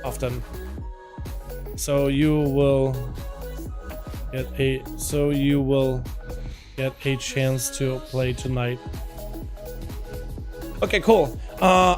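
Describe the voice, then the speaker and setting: Hoarse man streaming a game. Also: on the high side. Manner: friendly, addresses chat as boys. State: hoarse, scratchy voice. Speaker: streamer and match caster. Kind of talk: live game stream with play-by-play commentary.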